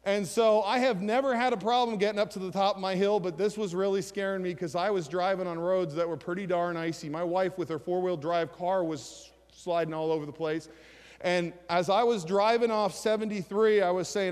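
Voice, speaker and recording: A man preaching a sermon, reading scripture aloud and putting questions to the congregation in an animated way. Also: high-pitched, brisk, clean tone. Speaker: pastor. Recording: reverberant hall sound.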